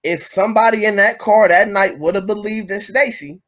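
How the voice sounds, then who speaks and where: A man's voice: high-pitched, moderate pace, fairly bright tone. A man co-hosting a podcast, chatting casually about a movie, joking and chiming in with quotes and asides. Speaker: podcast co-host. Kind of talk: casual movie recap chat.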